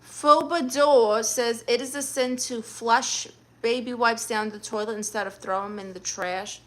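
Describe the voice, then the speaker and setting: A woman's voice: a little high, fairly even intonation, measured pace, fairly bright tone, a little hiss or hum. A young adult woman hosting a livestream, reading chat messages aloud and answering with sassy, teasing comebacks.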